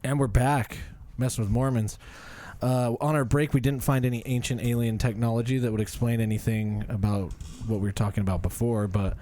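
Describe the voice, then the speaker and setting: A man hosting a podcast in relaxed chat, reading sponsor spots with lots of fillers. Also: mid-range voice, brisk, background noise. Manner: easygoing, filler-heavy. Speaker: podcast host. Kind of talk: casual chat with sponsor reads.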